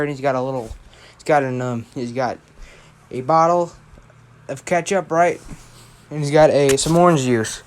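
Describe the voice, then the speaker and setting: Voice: mid-range voice, a little hiss or hum. Rambling young storyteller. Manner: rambling, self-correcting, fillers like "right?". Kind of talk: casual retelling of a fan story.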